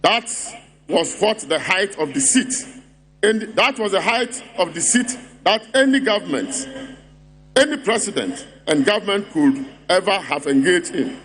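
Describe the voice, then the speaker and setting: A man's voice: high-pitched, lively intonation, a little slow, a bit bright. A man with a Ghanaian English accent delivering a mocking, rhetorical speech at a party congress, driving his points home through repetition. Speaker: political speaker at party congress. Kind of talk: rally speech.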